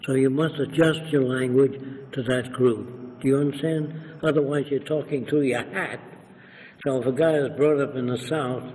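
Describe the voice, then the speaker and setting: An older man appears as an interview guest, telling anecdotes in an animated way and acting out the voices of the people in his stories. His voice is medium-pitched, and the rough recording carries a long reverb tail.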